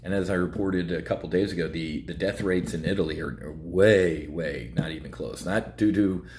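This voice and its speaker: A man's voice: low-pitched, normal speed, noisy background. A man hosting a trading show, talking bluntly and heatedly with many fillers. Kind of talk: casual market commentary.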